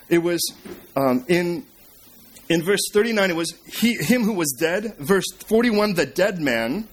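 A man preaching a sermon, retelling scripture as a story and swinging between emphatic and hushed delivery. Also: high-pitched. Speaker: pastor.

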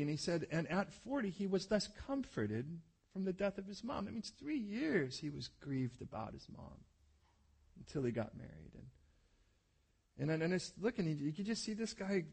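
A man preaching a sermon as pastor, telling stories animatedly and acting out voices, dropping soft for tender moments. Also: sits high, animated, normal speed, creaky, husky.

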